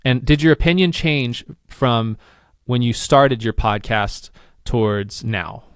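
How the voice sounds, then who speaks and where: A man's voice: medium pitch, slow pace, clean tone, no echo, studio quality. A man hosting a podcast interview, reflective, asking long, thought-out questions and agreeing with his guest. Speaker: podcast host. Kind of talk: casual interview conversation.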